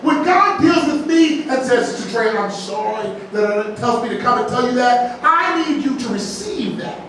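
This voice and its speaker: Man pastor preaching, high voice, heard from far off in a very echoey church with a faint hiss. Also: animated, moderate pace. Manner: folksy preaching with jokes, asks "right?" often. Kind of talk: sermon. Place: large church sanctuary. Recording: very echoey church, distant mic, faint noise.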